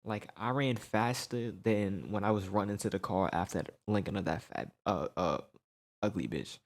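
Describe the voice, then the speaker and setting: A young man telling a storytime tale in casual slang, animated and peppered with "right?" tags. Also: lowish voice, moderate pace.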